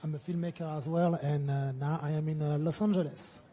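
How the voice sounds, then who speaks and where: A man's voice: a little high, steady tone, fairly quick, warm tone. A French-accented man, a filmmaker, speaking hesitantly in an interview. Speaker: filmmaker guest. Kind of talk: casual interview.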